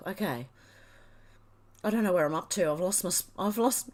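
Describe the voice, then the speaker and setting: A woman's voice: on the low side, moderate pace, a little mellow. A woman hosting a livestream, reading out chat messages and getting teary as she thanks her viewers. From Australia. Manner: emotional, gushing, tearful thanks. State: teary, crying.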